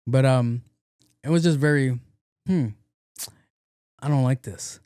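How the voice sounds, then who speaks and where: Brief: young NY man, solo podcast host, loose and profane, mid-pitched, dry close sound. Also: slow, dark tone, clear, resonant tone, dry recording. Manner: rambling, profane, slangy, acts out quotes. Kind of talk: casual solo podcast chat.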